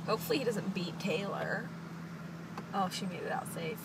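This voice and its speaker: A young woman, telling stories excitedly and laughing in a casual vlog chat outdoors. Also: medium pitch, moderate pace. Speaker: vlog co-host. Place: outdoors, park and gas station. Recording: loud noisy outdoor camera audio.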